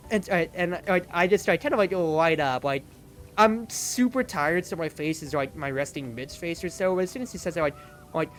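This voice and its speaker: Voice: mid-range voice, expressive, a little fast, soft background music. A young adult streamer telling a long, rambling story in casual stream chat, leaning heavily on "like" as a filler. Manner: rambling storytelling, heavy use of "like".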